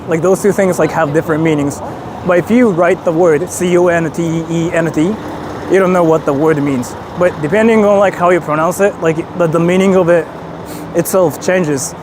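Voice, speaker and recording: A young man from Japan chatting casually on a livestream as he walks through city streets. He is excitable, swears a lot and bursts into shouts. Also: fairly high pitch. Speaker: streamer. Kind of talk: casual livestream chat while walking. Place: busy city street outdoors. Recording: street noise behind.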